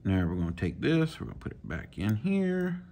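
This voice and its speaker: A man, casually talking viewers through swapping a reel handle, folksy and relaxed as he works. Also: lowish voice, normal speed. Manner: relaxed, talks to himself while working, folksy. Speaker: fishing channel host. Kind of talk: casual hands-on tutorial.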